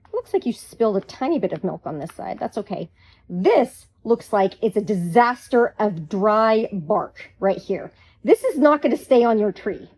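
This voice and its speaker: A woman hosting a hands-on craft tutorial, chatty, playful and quick to get excited. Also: medium pitch, husky, low-quality recording.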